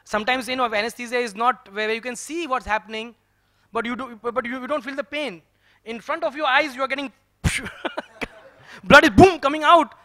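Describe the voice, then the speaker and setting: A man preaches in a temple, telling a story in a chatty, chuckling way. His voice is very high and bright. The recording is close and dry. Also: brisk, no room sound. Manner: lively storytelling, chuckling, conversational. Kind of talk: sermon. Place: temple hall.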